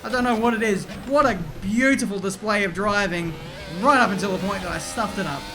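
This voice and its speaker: Excitable man commentating a race game. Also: high voice, a little fast, noisy background. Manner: chatty, excitable, swears mildly. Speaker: gaming video creator. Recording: game music behind voice.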